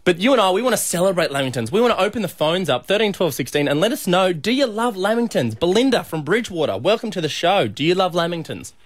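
Lively Australian radio host man. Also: high-pitched, fast, few pauses, dry recording. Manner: jokey, chatty, laughs often. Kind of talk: casual radio banter. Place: radio studio. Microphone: studio mic.

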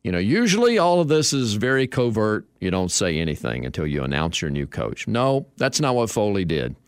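A man's voice: lowish voice, brisk, clean tone, no room sound. Guy hosting sports radio, bouncy storytelling, dry close sound. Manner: lively storytelling, chuckling.

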